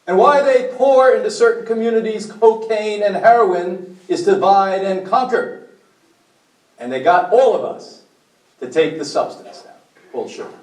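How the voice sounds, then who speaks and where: High-voiced man lecturing in an echoey room. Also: normal speed, darkish tone, distant mic. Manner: preachy and blunt, asks the audience questions. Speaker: speaker at a health meeting. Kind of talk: impassioned lecture to a group.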